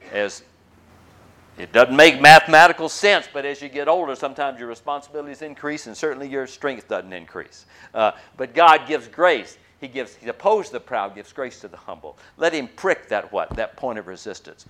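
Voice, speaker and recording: A man preaching a sermon as pastor, emphatic, swinging between loud and soft, asking rhetorical questions and pausing on uh and um. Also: mid-range voice, sing-song. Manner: frequent hesitations with uh and um.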